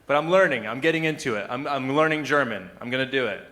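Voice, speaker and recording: A man's voice: medium pitch, expressive, quick pace, bright, forceful tone. A man performing a stand-up comedy set, chatty and loose, chuckling at his own lines and putting on mock voices for the people he quotes. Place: live comedy venue with audience.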